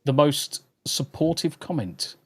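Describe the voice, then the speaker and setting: A man's voice: on the high side, expressive, unhurried, very noisy. A British man hosting a podcast, chatting casually with sweary, jokey banter. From Britain. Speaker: podcast host. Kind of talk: casual chat.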